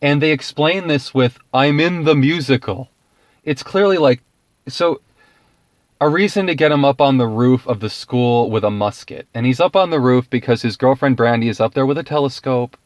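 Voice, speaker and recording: A man's voice: medium pitch, moderate pace, dry recording. A man giving a casual, ranting film review, exasperated and profane, laughing often.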